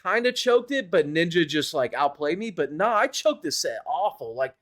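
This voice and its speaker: Young guy picking apart his own fighting game match, kinda high voice, rambly and hard on himself. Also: big pitch swings, normal speed, a bit bright. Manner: self-critical, rambling, swears and laughs at himself. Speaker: gaming YouTuber reviewing his own tournament match. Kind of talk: casual commentary over gameplay footage.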